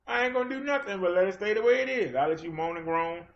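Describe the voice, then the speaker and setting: A man's voice: sits high, expressive, quick pace. Fiery confrontational man ranting on a livestream. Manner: fiery, confrontational, challenges his chat. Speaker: livestream host. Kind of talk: livestream rant. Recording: dull lo-fi stream audio.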